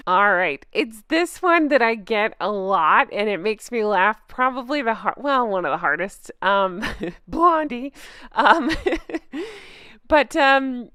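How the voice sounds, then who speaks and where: A woman hosts her own commentary channel in a casual, mocking tone, laughing often as she goes. Her voice sits high and swings widely. She takes her time, and the recording is close and dry. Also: sing-song, slow pace, pauses often, fairly bright tone, clean tone, no room sound. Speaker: YouTube commentary host.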